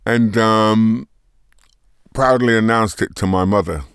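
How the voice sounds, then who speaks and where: Older bajan guy, low slow voice, relaxed and laughing a lot, dry sound. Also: smooth, no room sound. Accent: Barbadian, with London traces. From Barbados. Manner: easygoing, laughs often while talking. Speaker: guest musician. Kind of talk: relaxed interview chat.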